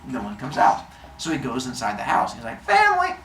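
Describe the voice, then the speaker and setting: A man's voice: mid-range voice, a little fast, a little hiss or hum. A man casually and playfully retelling a myth for laughs, adding silly sound effects, recorded in a roomy space. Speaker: storyteller.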